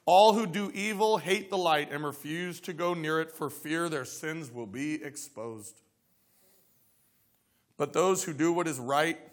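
A man's voice: on the high side, fairly bright tone. A man preaching a sermon, reading scripture aloud and explaining it, with frequent questions to the congregation. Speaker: pastor.

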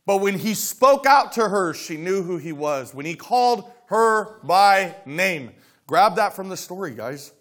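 A man preaching a sermon, telling stories and acting out scripture dialogue, dropping to quiet asides between loud exclaimed lines. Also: sits high, lively intonation, a little slow. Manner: storytelling, swings from soft asides to loud dramatic quotes; acts out dialogue of scripture characters. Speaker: pastor.

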